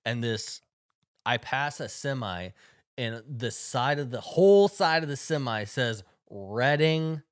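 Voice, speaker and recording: A man's voice: mid-range voice, slow, clear, resonant tone, dry recording, studio quality. A man co-hosting a podcast, telling a personal story in casual chat and acting out the people in it. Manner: animated storyteller, acts out quoted people. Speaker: podcast co-host.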